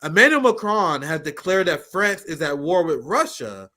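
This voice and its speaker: A man's voice: a little high, big pitch swings, normal speed, sharp tone. A man hosting a live political talk show, blunt and profane, riffing animatedly and handing over to a co-host. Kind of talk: casual political commentary.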